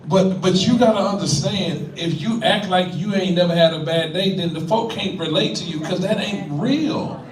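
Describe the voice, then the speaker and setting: A man's voice: high-pitched, normal speed, few pauses. A middle-aged man, a pastor, giving a preacherly community talk, stammering and checking in with "right?". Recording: echoey room, mic from far off.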